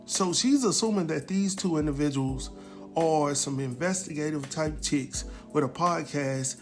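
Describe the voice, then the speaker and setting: A man recapping a TV episode in a casual, animated way, exclaiming and chuckling as he talks straight to his viewers. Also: fairly high pitch, a little slow, soft background music.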